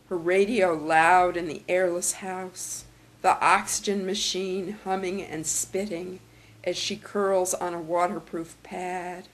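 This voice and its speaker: An older woman poet giving a poetry reading in a measured, reflective way. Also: lowish voice, poor audio. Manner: slow, measured and reflective delivery.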